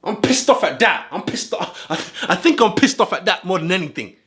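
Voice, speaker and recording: A man's voice: sits high, very animated, brisk, fairly bright tone. A man giving heated reaction commentary as a football fan vlogger, ranting in street slang. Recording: roomy echo.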